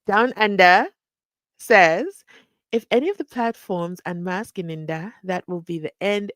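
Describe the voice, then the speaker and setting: A woman's voice: lowish voice, unhurried, a bit bright, no room sound. A woman hosts a casual live stream, chatting and reading viewer comments aloud with frequent laughs.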